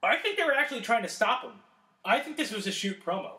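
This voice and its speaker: A man co-hosting a podcast, chatting casually about wrestling, excitable and swearing often. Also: very high-pitched, quick pace, reverberant, a little hiss or hum. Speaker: podcast co-host.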